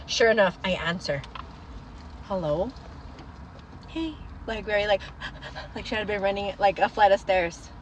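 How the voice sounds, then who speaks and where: A young woman hosting a casual livestream, chatting to viewers and telling stories in an animated way. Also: medium pitch, fast, few pauses, highs cut off, slight background noise. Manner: chatty, animated storytelling, calls viewers girl. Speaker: livestream host.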